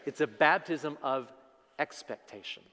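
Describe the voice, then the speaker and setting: A man preaches to his congregation in a sermon, his voice sitting a touch high for a man. He builds to loud, drawn-out declarations and prompts the room to answer him. The sound carries the long reverb of a large hall. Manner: swells loud and slow at climaxes, call-and-response with the congregation. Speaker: pastor.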